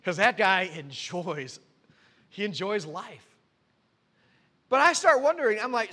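Pastor guy preaching, high bright voice, acts out the back and forth, lots of hall echo. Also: unhurried, long pauses. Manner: animated storytelling, acting out conversations. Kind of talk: sermon with personal testimony. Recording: long reverb of a church hall.

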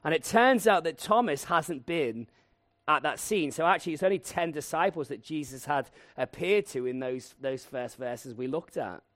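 A man preaching a lively, humorous sermon and acting out voices to tell the story. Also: a little high, moderate pace, no echo.

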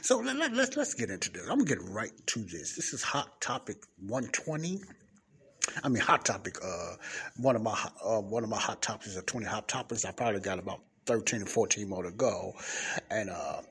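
A man's voice: on the low side, sing-song, fairly quick, fairly bright tone, breathy edge. A man hosting a Christian podcast, talking in a rambling, repetitive way with many fillers, close to the mic in a library study room. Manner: rambling, repeats words, frequent fillers. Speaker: podcast host. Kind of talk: casual preaching monologue. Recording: faint street noise through window. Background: faint traffic from outside.

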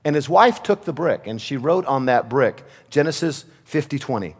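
A man's voice: mid-range voice, expressive, normal speed, hardly any pauses, husky. A man preaching a sermon from the pulpit, telling stories and acting out pleading voices. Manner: storytelling preacher who acts out voices, rising to fervent pleas. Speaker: pastor. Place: church sanctuary. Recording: long reverb of a church hall.

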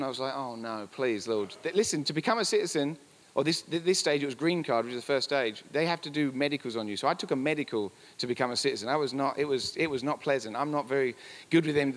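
A man preaches at a fast clip with a slightly raised pitch, hammering his points home by repeating them. His voice rings with the long reverb of a church hall. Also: fairly bright tone. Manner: emphatic, repetitive preaching with asides. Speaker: pastor. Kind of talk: sermon.

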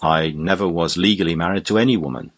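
A man's voice: low voice, fast. A man reading the part of a malicious, scheming squire, sneering and defiant. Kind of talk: audiobook character voice.

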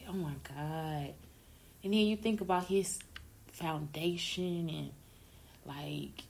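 A young woman, gushing and ranting in casual talk to her viewers, swinging between shrieks and low murmurs. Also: fairly bright tone. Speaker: vlogger.

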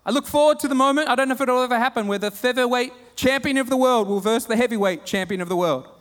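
A man with an Australian accent preaching a sermon, telling stories with humor and animated retellings. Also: very high-pitched, fast, big-room sound. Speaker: pastor.

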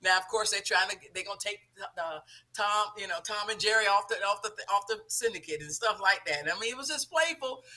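Bright-voiced woman telling a story. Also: medium pitch, a little fast. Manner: animated storytelling, acting out quoted dialogue. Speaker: talk show host. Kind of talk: storytelling on a talk show.

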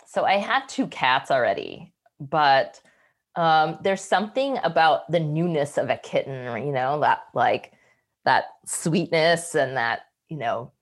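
Woman guest, very low voice with lively pitch swings, thinks out loud as she goes. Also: measured pace. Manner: thinks aloud, meandering with restarts. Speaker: podcast guest. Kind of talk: casual podcast chat.

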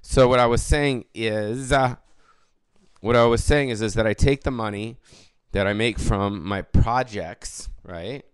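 A man's voice: lowish voice, a little slow, clean tone, no room sound. Rambling, foul-mouthed fifty-year-old man. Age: about 50. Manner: rambling, profane, self-correcting. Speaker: comedian and podcast host. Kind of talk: casual solo podcast rant.

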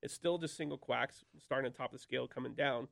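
A man's voice: mid-range voice, fast, creaky, no echo, clean studio sound. A man on a radio talk show explaining duck calling, voicing quacks to demonstrate and cracking easy jokes. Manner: demonstrates calls by voicing quacks, laid-back and joking. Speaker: duck call expert guest.

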